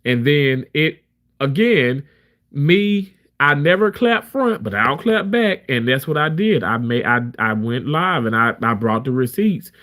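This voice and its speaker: A man's voice: medium pitch, animated, unhurried, a bit bright. A man talking to camera as a live streamer, telling a story in a candid, emphatic way with many restarts. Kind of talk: casual storytelling rant.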